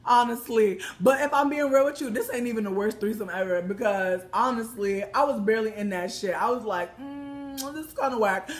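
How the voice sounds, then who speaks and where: A young woman telling a casual story to the camera, brash and profane, swinging between hushed asides and loud outbursts. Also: medium pitch, a little fast, few pauses.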